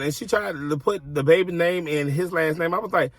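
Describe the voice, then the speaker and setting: A fairly high-voiced man vents bluntly and profanely as he tells a story from his car. His delivery is casual and exasperated, and the sound is close and dry with almost no room echo. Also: fairly quick, hardly any pauses. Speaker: vlogger telling a personal story.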